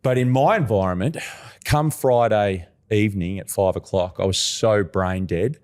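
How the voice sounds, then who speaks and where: A middle-aged Australian man, a recruitment agency founder, telling animated stories as a podcast guest, slowing down to stress key points. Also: fairly low pitch. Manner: animated storyteller, emphatic, slows down for key points. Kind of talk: podcast interview.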